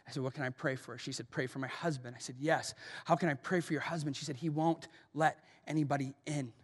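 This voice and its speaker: A male pastor with an American accent preaching a sermon, emphatic, rising to loud urgency and dropping to hushed softness. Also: fairly high pitch, fairly even intonation, fast talker, slightly rough. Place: large church auditorium. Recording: long hall reverb.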